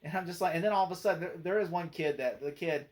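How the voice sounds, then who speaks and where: A man's voice: on the high side, quick pace. A man talks through a film in a casual spoken review for his own channel. He rambles from point to point, leaning on "like" and "you know". He breaks into laughter easily as he goes. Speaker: movie critic and channel host.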